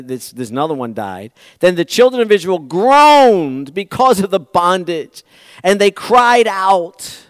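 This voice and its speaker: A pastor preaching a conversational sermon, swinging from loud bursts to near-whispers. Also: male voice, fairly high pitch, clear, resonant tone, no room sound, studio quality. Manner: animated, conversational preaching with dramatic swings in volume.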